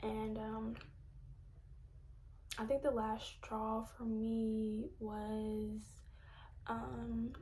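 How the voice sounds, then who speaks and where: Soft-spoken young woman near tears. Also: fairly high pitch, flat delivery, drawn-out words, pauses often, slight background noise. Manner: soft-spoken, drops often into a breathy near-whisper. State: emotional, holding back tears. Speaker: vlogger telling a personal story. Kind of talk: candid personal storytelling on a live stream.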